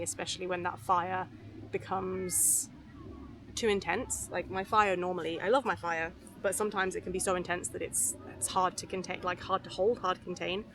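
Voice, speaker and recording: Soft-spoken woman rambling outdoors. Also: lowish voice, background noise. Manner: soft, unhurried, frequent fillers and restarts. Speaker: vlogger. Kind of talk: candid rambling talk to camera. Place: outdoors beside a river on a footpath.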